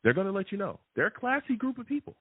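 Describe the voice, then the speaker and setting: A man hosts a live sports call-in show, talking in an animated, chatty way and tagging his points with "okay?" His voice is a little husky and swings up and down a lot. The sound is thin and tinny like a phone line, and very dry. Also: sits high, fast, no room sound. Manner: animated and chatty, repeats "okay?" and "all right?" often. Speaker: sports podcast host.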